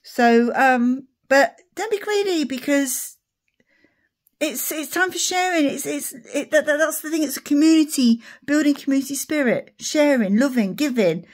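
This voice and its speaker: A middle-aged woman chatting to camera in a rambling, animated way, acting out retold conversations. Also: high-pitched, moderate pace. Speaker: vlogger. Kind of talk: casual chat to camera.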